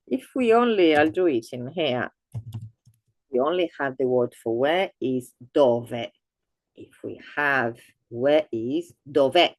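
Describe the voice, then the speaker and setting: A woman teaching an online language lesson, explaining slowly with many fillers and restarts, and exaggerating intonation for learners. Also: extremely low pitch, darkish tone, dry recording.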